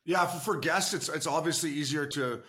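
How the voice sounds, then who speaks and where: A man's voice: on the high side, a little fast, pushed and bright. A man, a former pro hockey player, chatting as a podcast guest, with many restarts and loose swearing, calling the hosts boys and fella. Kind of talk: casual podcast chat.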